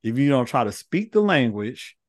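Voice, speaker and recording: A man hosting a podcast in a relaxed, emphatic way, his voice sitting at an ordinary pitch. The sound is dry and close, with no room around it. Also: normal speed, no room sound. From Los Angeles. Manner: relaxed, emphatic, peppered with "you know what I'm saying". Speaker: podcast host. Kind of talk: casual conversation.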